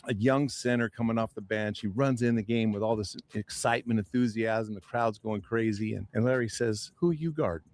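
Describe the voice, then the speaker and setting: Brief: man, slightly low pitch, amused anecdote teller. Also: steady tone, moderate pace, few pauses, a little mellow. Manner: amused, laughs while telling stories. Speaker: former pro basketball player. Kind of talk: storytelling interview.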